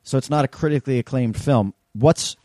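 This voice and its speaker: A man co-hosting a casual podcast, trading profane, boastful jokes with a friend. His voice has a dark, mellow tone at an ordinary pitch. The sound is dry and close. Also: a little fast, no room sound. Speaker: podcast co-host. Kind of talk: casual comedic banter.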